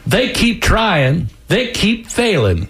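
A man putting on a sly old Southern gentleman mobster. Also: high voice, sing-song, slow, voice pushed up, full character voice. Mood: smug.

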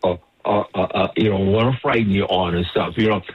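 A man calls in to a radio talk show with a husky, breathy voice that comes through a narrow, tinny phone line. His pitch sits on the low side. He talks with fervor, stumbling through repeated words and restarts as he builds his point. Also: fairly even intonation, fairly quick. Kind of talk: passionate call-in commentary.

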